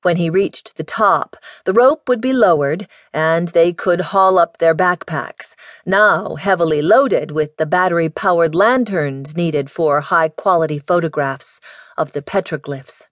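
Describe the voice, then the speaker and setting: A woman narrating an audiobook in a measured, even storytelling manner. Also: fairly low pitch, no room sound. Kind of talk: scripted narration.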